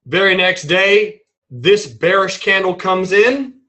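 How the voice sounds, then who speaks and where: A man teaching a trading webinar in a playful, animated way, acting out examples as he explains them. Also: sits high, slow, low-quality recording. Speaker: trading instructor.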